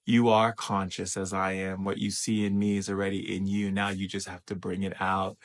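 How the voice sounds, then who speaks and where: A man hosting a spiritual livestream who talks gently and affectionately to viewers and reads their chat messages aloud. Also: sits low, monotone, normal speed, hardly any pauses. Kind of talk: live-stream talk to viewers, reading chat.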